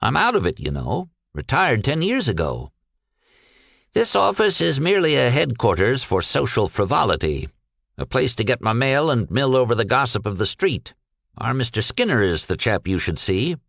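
A man's voice: mid-range voice, sing-song, moderate pace, gravelly, fairly bright tone, no room sound, clean studio sound, voice pushed up, heavily acted. A man reading aloud and voicing a shrewd, genial retired old businessman who talks in a purring, folksy way. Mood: amiable.

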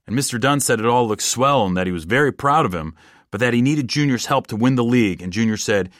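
A man telling a comic first-person story in a deadpan, rambling, casual way. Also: mid-range voice, quick pace, no room sound, studio quality.

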